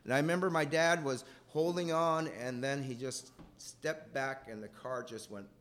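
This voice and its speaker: A man telling a personal childhood story in a rambling, animated way. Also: medium pitch, normal speed. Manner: animated, rambling, acts out voices.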